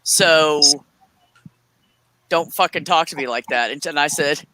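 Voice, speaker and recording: Bright-voiced woman in her forties. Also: low-pitched, measured pace, low-quality recording. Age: 40s. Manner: heated, profane retelling with quoted dialogue. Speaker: streamer. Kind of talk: casual storytelling.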